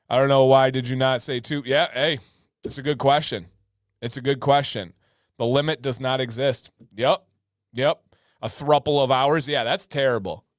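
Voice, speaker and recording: A man's voice: mid-range voice, no echo, studio quality. A man hosting a livestream, chatting casually and joking as he reacts to viewer comments. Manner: laid-back, joking, repeats phrases as he reacts. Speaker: livestream host.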